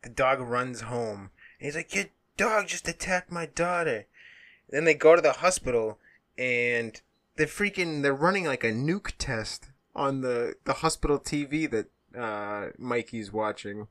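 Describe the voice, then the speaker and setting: A man's voice: mid-range voice, a little slow, a bit bright. A man co-hosting a casual movie podcast, teasing his friends and retelling the plot. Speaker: podcast co-host. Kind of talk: casual movie review chat.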